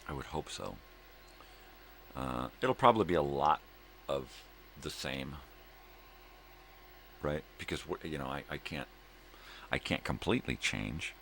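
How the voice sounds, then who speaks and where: A man's voice: a bass voice, expressive, measured pace, long pauses, a bit bright, a little hiss or hum. A man hosting his own daily video show, ranting in a profane, angry monologue. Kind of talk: casual monologue.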